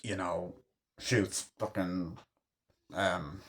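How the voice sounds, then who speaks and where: A man's voice: low-pitched, steady tone, drawn-out words, husky. A man giving a casual, enthusiastic film review, rambling with lots of fillers and swearing freely. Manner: rambling, profane, lots of fillers like "you know" and "like"; enthusiastic fan. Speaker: movie reviewer.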